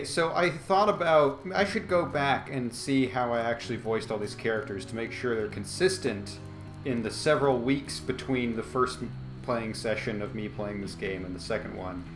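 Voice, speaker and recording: Excitable game host, chatty, laughs often, roomy echo, game music faint. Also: male voice, mid-range voice. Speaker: let's play host. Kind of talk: casual gameplay commentary.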